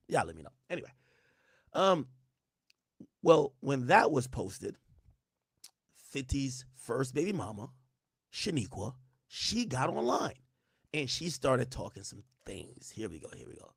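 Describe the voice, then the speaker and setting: Hoarse man whisper-talking. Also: medium pitch, very animated, a little slow, long pauses, dry recording, clean studio sound. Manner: slangy, loose, switches to whispering. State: losing his voice. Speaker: livestream host. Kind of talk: casual commentary to chat.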